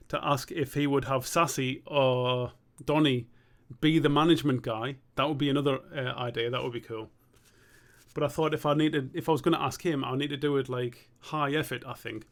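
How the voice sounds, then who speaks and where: A man's voice: mid-range voice, steady tone, fairly quick. A young man streaming live as an animator, chatting casually and thinking aloud in a rambling, sweary way.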